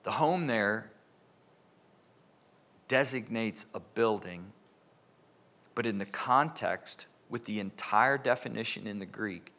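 A man preaching a sermon in a church, swinging from loud, emphatic bursts down to hushed whispers. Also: mid-range voice.

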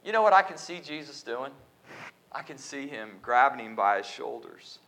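Bright-voiced man preaching with dramatic swings. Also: mid-range voice, very animated, moderate pace, gravelly. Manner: dramatic swings from loud emphasis to whispers. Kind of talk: sermon. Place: church.

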